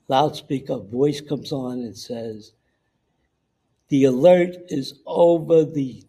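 An older man recounting a wartime memory in an oral-history interview, halting and repeating himself, acting out the voices in his story. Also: medium pitch, mellow, breathy edge, rough recording. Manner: halting, repeats words and acts out the dialogue he recalls.

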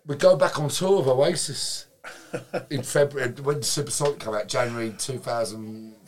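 A man, a guest telling lively anecdotes in casual chat, swearing freely and acting out quotes. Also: medium pitch, normal speed. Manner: animated, swears freely, acts out quotes, laughs while telling.

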